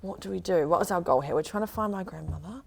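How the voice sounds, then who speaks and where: A woman's voice: on the low side, quick pace, gravelly, crowd noise. A woman playing a tabletop game in casual, giggly chat. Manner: giggly, lively. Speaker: player.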